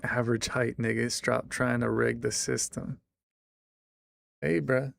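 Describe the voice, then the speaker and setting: Slow, gravelly male streamer. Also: mid-range voice, flat delivery, a bit bright, dry recording. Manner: rambling, filler-heavy. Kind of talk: casual live-stream chat.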